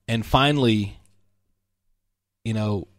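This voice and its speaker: A man co-hosting a podcast, retelling a movie scene in a casual, animated way with some swearing. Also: lowish voice, takes it slowly, dry recording. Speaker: podcast co-host.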